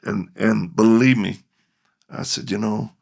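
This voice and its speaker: Gravelly, husky man telling a lively story. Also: on the low side, unhurried. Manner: animated storyteller, acting out both sides of dialogue and laughing. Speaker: guest speaker, ministry leader. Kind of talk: storytelling in a podcast conversation.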